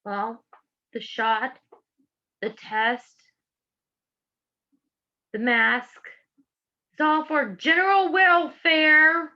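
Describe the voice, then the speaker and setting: A woman's voice: high-pitched, extremely slow, long pauses, highs cut off. A middle-aged woman from Georgia with a Southern accent, giving impassioned public testimony in a fervent, preacherly way. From Georgia, USA. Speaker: public speaker.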